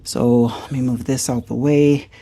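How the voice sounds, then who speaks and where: A man's voice: mid-range voice, level tone, unhurried, warm tone, slight background noise. A man casually walking viewers through a hands-on car repair, thinking aloud as he works. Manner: thinks aloud while working, loose and conversational. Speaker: car DIY reviewer.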